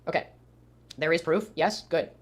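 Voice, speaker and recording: A man on a replayed livestream, talking to chat in a rambling, defensive way. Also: fairly high pitch. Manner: defensive, rambling, fast talk. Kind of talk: rambling live stream talk, reading chat.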